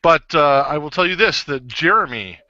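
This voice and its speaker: A man's voice: fairly high pitch, expressive, normal speed, bright, forceful tone, dry recording, dull audio. A man co-hosting a casual podcast, reading out nominees and joking as he stumbles over the words. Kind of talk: casual chat.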